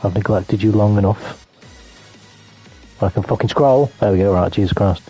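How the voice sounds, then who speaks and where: A man's voice: fairly low pitch, moderate pace, mellow, slightly rough, faint music behind. Sweary British man on a game stream. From Britain. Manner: rambling, sweary, joking to chat. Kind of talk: casual gaming stream commentary.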